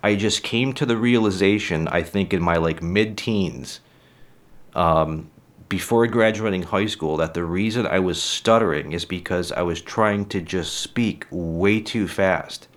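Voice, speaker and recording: A man's voice: low-pitched, a little slow. A middle-aged man telling personal stories in a casual, rambling, frank way, often saying "literally.". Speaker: storyteller.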